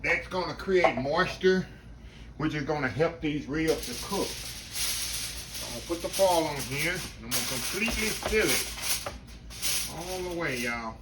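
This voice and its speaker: A man's voice: a little high, lively intonation, a little slow, pauses often, heavy background noise. A man with a Southern country accent, chatting folksily through a home kitchen cooking demonstration and calling his viewers y'all.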